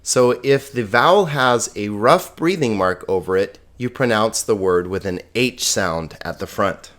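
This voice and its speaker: A middle-aged man giving a recorded lesson, explaining slides in a relaxed way with plain words and small jokes. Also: on the low side, measured pace. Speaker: Greek teacher.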